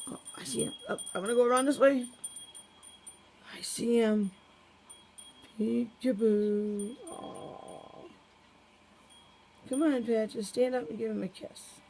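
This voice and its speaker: Woman, casual home pet video, sing-song coaxing, gravelly and unhurried. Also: on the high side, fairly even intonation, darkish tone, slight background noise. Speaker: pet owner filming her animals.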